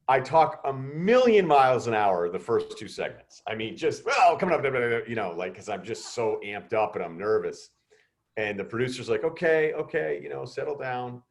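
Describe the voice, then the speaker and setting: A middle-aged man telling students a story over a video call, animated and acting out the voices of others. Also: fairly low pitch, moderate pace. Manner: animated, acts out quoted voices. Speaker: guest speaker.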